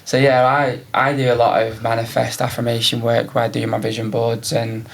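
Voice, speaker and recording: A man's voice: mid-range voice, monotone, normal speed, gravelly. A man in his thirties with a Manchester-tinged accent, a podcast guest chatting casually and rambling with plenty of fillers. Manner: easygoing, rambling with many fillers. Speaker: podcast guest, business owner.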